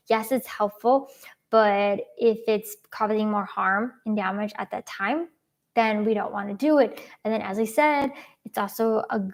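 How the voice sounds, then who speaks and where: Young female dietitian host, casual encouraging talk, somewhat high voice. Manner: frequent ums, earnest and encouraging.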